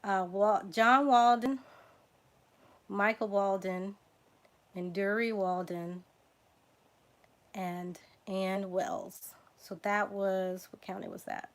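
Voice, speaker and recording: A woman with a Southern drawl hosts a relaxed livestream at an unhurried pace. She reads names aloud, spelling some letter by letter, and chats casually with her viewers. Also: medium pitch. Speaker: genealogy livestream host. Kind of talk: casual livestream reading surname lists.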